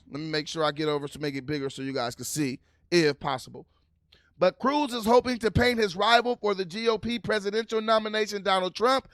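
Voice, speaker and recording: A man doing casual, animated livestream commentary, reading news aloud and laughing with his viewers. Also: sits high, clear, resonant tone, no room sound, studio quality. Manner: animated, laughing, talks to viewers as "you guys"; reads news aloud while scrolling. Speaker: political commentary vlogger.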